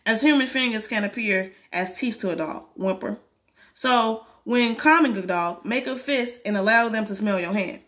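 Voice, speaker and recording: A woman voicing a detached male professor, speaking in a flat, matter-of-fact way. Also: fairly high pitch, natural voice. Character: aloof, blunt male professor, calm and detached.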